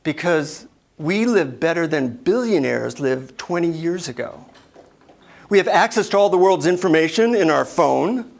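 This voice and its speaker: A man giving a motivational keynote speech on stage, telling stories with lively voiced asides. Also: fairly high pitch, a little slow, creaky. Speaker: keynote speaker. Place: stage before an audience.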